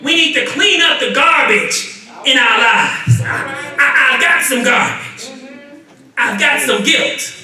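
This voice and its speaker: A man, a minister, preaching a call-and-response sermon that swells into shouts. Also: very high-pitched, takes it slowly, far from the mic. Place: large church sanctuary. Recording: echoey church miked from afar, congregation audible.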